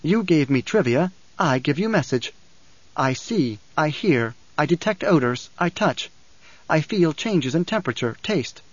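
A man voicing a calm, philosophical young man who speaks in measured riddles in an audiobook. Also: fairly high pitch, no room sound, lo-fi sound.

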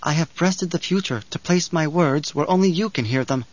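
A man's voice: fairly high pitch, normal speed, no room sound, lightly acted. A man voicing an eerie, teasing young girl with a light, detached manner in a dull, dry recording.

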